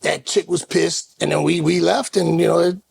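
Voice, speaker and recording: A man co-hosting a podcast, telling an animated road story in casual chat and acting out the voices in it. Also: fairly high pitch, moderate pace, vocal fry, slight background noise. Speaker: co-host.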